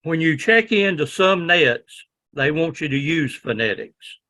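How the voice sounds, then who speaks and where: A man with a Southern drawl lectures a classroom in a loose, folksy manner, leaning on "okay?" to check that his students follow. His voice sits a little high and rings bright and forceful. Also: animated, unhurried. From Southern United States. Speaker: ham radio class instructor.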